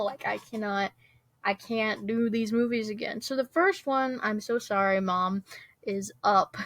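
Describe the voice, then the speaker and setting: A woman's voice: fairly high pitch, no echo. A young adult woman chatting casually as a vlogger, rambling with lots of fillers and frequent giggles. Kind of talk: casual chat.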